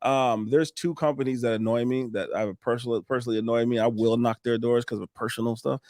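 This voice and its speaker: Man, Minnesota accent, middle-aged, rapid-fire casual storytelling, animated, dry close sound. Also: mid-range voice, dry recording. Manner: animated, acts out sales conversations, swears, laughs often. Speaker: roofing business owner, podcast guest.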